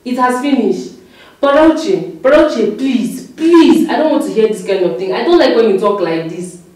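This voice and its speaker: A woman plays an exasperated woman, pleading and repeating herself on a phone call in a drama. Her voice is fairly high and swings widely up and down. The sound is very echoey and caught from well away from the mic. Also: expressive, normal speed, darkish tone, lightly acted. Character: pleading young woman arguing with a relative on the phone. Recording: very echoey room from a distance.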